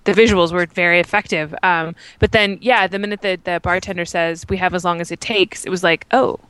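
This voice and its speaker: A woman's voice: lowish voice, fairly even intonation, fairly quick, fairly bright tone, smooth, dry recording, poor audio. A woman in her thirties co-hosting a podcast, chatting casually and thinking aloud. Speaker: podcast co-host. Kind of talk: casual chat.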